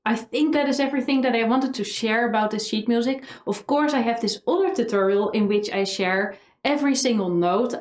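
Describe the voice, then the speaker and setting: This violin instructor, who has a Dutch accent, teaches with energy and sings melodies on syllables. Her voice is medium in pitch and darkish, and the echoey room carries faint violin.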